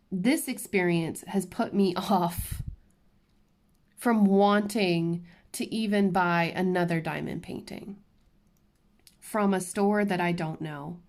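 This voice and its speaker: A woman vlogging from her crafting table at home, talking candidly and ranting to her viewers with quick restarts and asides. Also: fairly low pitch. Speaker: diamond painting YouTuber. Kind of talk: casual chatty vlog while crafting.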